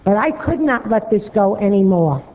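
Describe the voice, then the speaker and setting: A woman's voice: mid-range voice, big pitch swings, normal speed, a little hiss or hum. A woman making a blunt, scolding public comment from a podium microphone in a city council chamber. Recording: echoey hall, dull broadcast sound.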